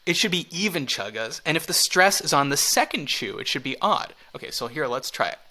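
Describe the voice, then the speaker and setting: A man's voice: on the high side, very animated, fairly quick, sharp tone. A man hosting a comedy podcast, talking in a playful, giggly, rambling way. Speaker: podcast host.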